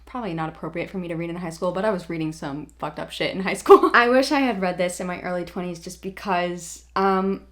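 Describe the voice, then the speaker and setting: A woman's voice: lowish voice, fairly quick, hardly any pauses. A young woman in her twenties, a book vlogger giving a casual, emotional reading wrap-up with casual swearing. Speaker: book reviewer.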